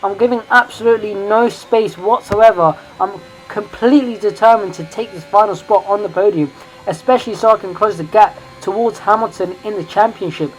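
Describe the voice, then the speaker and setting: A woman giving excited, chatty commentary over her own racing game footage, correcting herself as she goes. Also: mid-range voice, brisk, soft background music, low-quality recording. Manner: excitable, rising and louder in tense moments; chatty, self-correcting asides. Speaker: sim racing video creator.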